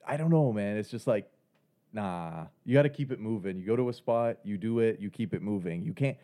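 Laid-back low-voiced man. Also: lively intonation, brisk, mellow. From Canada. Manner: laid-back, slangy, dry humor. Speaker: podcast co-host. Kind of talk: casual chat.

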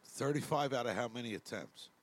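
A man's voice: medium pitch, animated, a little fast, crowd noise. A man co-hosting a sports chat, arguing his points with heavy swearing.

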